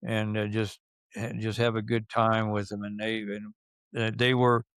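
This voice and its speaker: A man in his seventies, reminiscing in a casual interview and speaking slowly, with many fillers and restarts. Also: lowish voice, completely flat delivery, a bit bright, smooth, no echo. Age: 70s. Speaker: interviewee recalling his youth.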